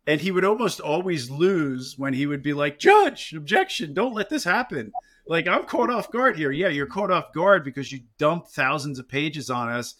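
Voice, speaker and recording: Bright-voiced Jersey lawyer telling stories. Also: male voice, on the high side. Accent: New Jersey. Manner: storytelling, animated mimicry of opposing lawyers. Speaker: injury lawyer, podcast co-host. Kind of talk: casual podcast chat.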